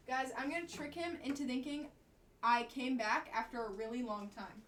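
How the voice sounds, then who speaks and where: High-voiced woman cooing baby talk. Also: fairly even intonation, normal speed, fairly bright tone, recorded from a distance. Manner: gushing baby talk to her dog. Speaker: streamer. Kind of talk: casual chat on stream. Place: home indoors. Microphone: headset set aside. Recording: off-mic with faint noise.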